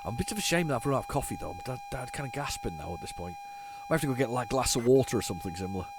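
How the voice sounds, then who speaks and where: A man's voice: mid-range voice, expressive, very fast, noisy background. A man hosting a retro gaming video, chatting casually to viewers as he rambles, stumbles and restarts his sentences. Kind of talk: casual running commentary.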